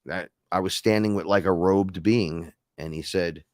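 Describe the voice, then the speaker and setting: A man's voice: low voice, measured pace, a little mellow, no echo, clean studio sound. A man hosting a casual spiritual talk, telling stories in a rambling, profane way. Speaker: host.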